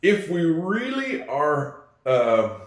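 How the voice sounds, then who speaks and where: A man teaching spoken English in a patient way, repeating phrases slowly so learners can follow. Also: on the high side, big pitch swings, echoey room.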